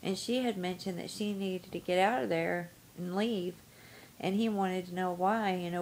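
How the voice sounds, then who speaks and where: A woman with a somewhat low voice recounts a story in a loose, rambling vlog manner, full of ums and you-knows. A faint hiss and low rumble sit under the recording. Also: fairly even intonation, moderate pace, darkish tone, rough recording. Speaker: vlogger. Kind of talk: casual storytelling to camera.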